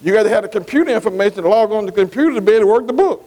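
An older preacher with a high-pitched voice, working through scripture in a loose, conversational sermon. He keeps checking in with his listeners, tossing in "see?" and "amen" between his points. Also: expressive, very fast, mellow, low-quality recording. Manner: repetitive call-and-response, many "see" and "amen" asides. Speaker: pastor. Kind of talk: bible study sermon.

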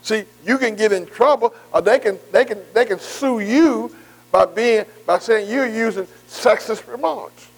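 A man's voice: high voice, measured pace, poor audio. A man leading a bible study in a conversational preaching style, folksy and informal, who keeps checking in with listeners. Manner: repetitive "see" and "am I right", engaging the room.

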